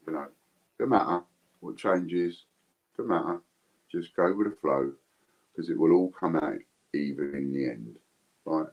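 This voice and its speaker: This is a man with a deep, low voice, hosting a relaxed livestream. He rambles and circles back over his own words. He talks into an iPad on a video call. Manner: rambling, repeats himself. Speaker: host. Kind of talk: casual livestream chat.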